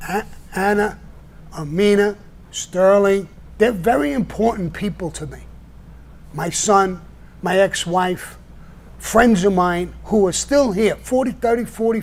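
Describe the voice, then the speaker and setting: An older man talks on a live stream, blunt and heated, cursing freely as he answers his critics. His voice sits fairly high for a man. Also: a little mellow. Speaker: show host answering viewers.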